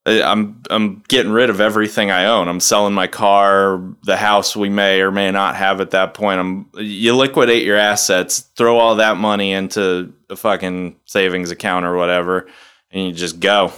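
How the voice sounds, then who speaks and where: A young man chatting casually as a podcast co-host, relaxed, rambling and swearing freely. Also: sits low, moderate pace, clear, resonant tone. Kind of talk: casual chat.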